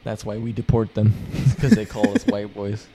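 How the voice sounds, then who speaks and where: A man's voice: lowish voice, fairly even intonation, normal speed, warm tone. A young man in casual chat as a podcast co-host, loose and joking, swearing a lot and laughing often.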